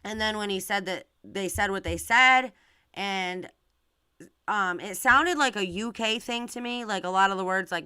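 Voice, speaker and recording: A woman's voice: medium pitch, a little slow, bright, forceful tone, clean tone, no echo. A woman hosting her channel, talking casually and directly to her viewers with lots of fillers and restarts. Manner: rambling, filler-heavy, talks to viewers directly. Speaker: channel host. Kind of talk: casual live-stream commentary.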